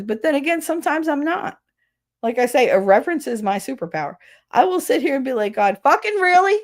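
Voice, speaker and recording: A woman's voice: lowish voice, a little mellow. A middle-aged woman hosting a casual livestream chat, irreverent and profane, laughing often and acting out quotes as she reads the chat. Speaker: podcast host reading live chat.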